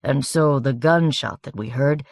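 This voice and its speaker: A woman doing a smooth, courteous officer. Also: extremely low pitch, measured pace, a little mellow, no echo, studio quality, heavily acted. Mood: polite probing. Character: tall soldier officer, smooth, polite, probing.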